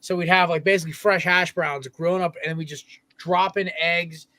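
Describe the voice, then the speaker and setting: Young male co-host, high voice, dry close sound, lively storyteller. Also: normal speed, dry recording. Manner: animated storyteller. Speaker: podcast co-host. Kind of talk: casual sports podcast banter.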